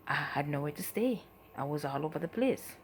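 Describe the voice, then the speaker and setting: A woman giving a personal testimony as a mother, in a soft, halting, emotional way that often trails off. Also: deep voice, lively intonation, a little hiss or hum. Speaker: mother telling her story.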